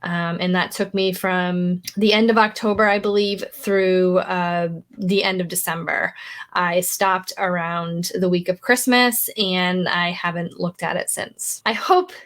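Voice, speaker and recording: A woman's voice: on the low side, fairly even intonation, measured pace, a bit bright. A woman author talking in a casual vlog, candid and reflective about her own work. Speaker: author and vlogger.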